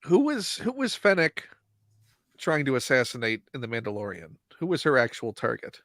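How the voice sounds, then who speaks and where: A man's voice: mid-range voice, wildly swooping pitch, moderate pace, background noise. A man in casual podcast chat who asks probing questions with dry humor. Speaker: podcast co-host.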